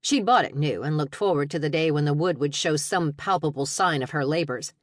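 A woman narrating an audiobook in a steady, even storytelling read. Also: sits low, fairly quick, no room sound, clean studio sound. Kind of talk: scripted narration.

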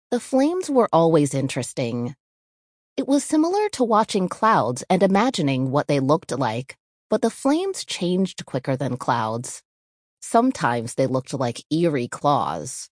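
A woman reads a spooky storybook aloud in a low, unhurried voice. Her pitch rises and falls freely as she paces each line, and the dry, close recording has no room sound at all. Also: dry recording. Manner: measured, expressive reading with character voices. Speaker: audiobook narrator. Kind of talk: scripted storybook narration.

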